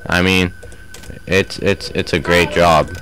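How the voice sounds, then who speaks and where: A deep-voiced young man talks through a horror game at an unhurried pace. He jokes, mutters to himself and taunts the monsters. A faint hiss sits under his voice. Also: fairly even intonation, fairly bright tone. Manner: joking, taunts the game's enemies. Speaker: gameplay commentator. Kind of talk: let's play commentary.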